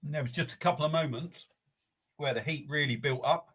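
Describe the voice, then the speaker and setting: Older man, husky and flustered. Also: on the high side, fairly quick, a bit bright. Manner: breathless, rambling, swears, talks through a burning mouth. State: mouth burning from chilli, sniffly and sweating. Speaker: livestream host. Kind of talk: casual live eating challenge chat.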